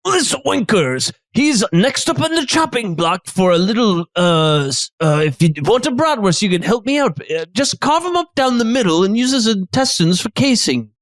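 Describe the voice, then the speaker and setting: A cheery cartoonish chef, as a man puts him on in a comedy bit, pitched well above a normal speaking voice. He keeps up a chipper, sing-song patter, and the sound is dry and close. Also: big pitch swings, normal speed, few pauses, no room sound. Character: cheery male chef with a pig helper.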